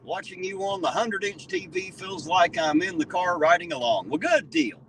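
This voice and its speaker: Loud joking southern Ohio man. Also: sits high, lively intonation, moderate pace, slight background noise, rough recording. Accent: southern Ohio, Appalachian-tinged. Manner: loud, joking, swears freely, reads out chat. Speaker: livestream host. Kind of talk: casual live-stream chat while driving. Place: in a car at night.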